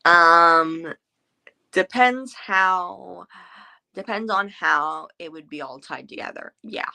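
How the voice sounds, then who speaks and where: Bright-voiced woman chatting about a book. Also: fairly low pitch, takes it slowly, creaky. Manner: chatty, many filler words and restarts. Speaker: book club host. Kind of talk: casual book chat.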